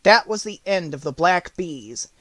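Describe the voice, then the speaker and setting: Guy reading an audiobook, dry close mic, plain steady narration. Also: high-pitched, a little slow, no echo. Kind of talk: storybook narration.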